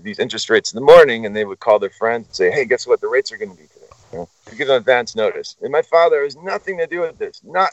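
A guest in a casual chat, a man with a lowish voice tells a story, swearing freely and wandering off on tangents with animated energy. The recording is dull, lo-fi, and dry, with no room sound.

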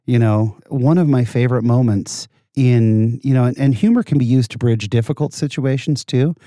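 A man in casual conversation as a guest, telling animated, self-deprecating anecdotes. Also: mid-range voice, moderate pace, dry recording, clean studio sound.

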